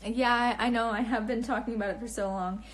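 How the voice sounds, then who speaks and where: A woman's voice: a little high, steady tone, quick pace. A young woman casually chatting on a phone livestream, answering comments in a bubbly, rambling way with lots of restarts and laughs. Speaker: livestream host and author. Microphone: phone camera.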